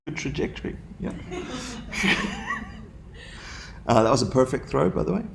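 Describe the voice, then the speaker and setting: A man's voice: on the high side, wildly swooping pitch, measured pace, vocal fry, fairly bright tone, slight background noise. A man teaching a dharma class to a room of students, playful, laughing often and putting questions to them.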